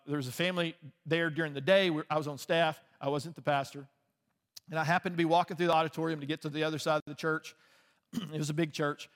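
Earnest preacher, higher male voice, hall reverb. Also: a bit bright. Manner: earnest, conversational, frequent restarts. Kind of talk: sermon. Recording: long reverb of a large hall.

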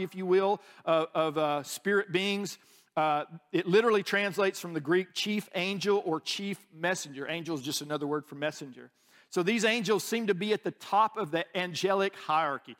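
A pastor delivers a relaxed, conversational sermon, frequently restarting sentences and throwing in asides. His voice is notably high for a man.

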